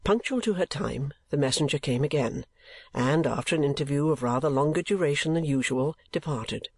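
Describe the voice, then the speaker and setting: A man reads a storybook aloud as a narrator, steady and measured. His voice sits a little high for a man, with a husky grain, recorded close and dry. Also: no room sound. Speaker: audiobook narrator. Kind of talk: scripted narration.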